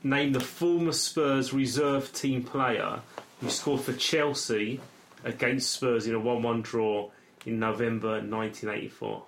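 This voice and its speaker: Deliberate quizmaster man. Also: medium pitch, steady tone, a little hiss or hum. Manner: slow, deliberate reading of questions. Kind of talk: reading quiz questions.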